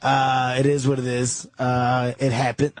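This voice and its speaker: A man voicing a calm, low-voiced grown man who shrugs off an embarrassing moment in a slow, matter-of-fact way, in a radio studio with loud laughter around. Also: no echo, natural voice. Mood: unbothered.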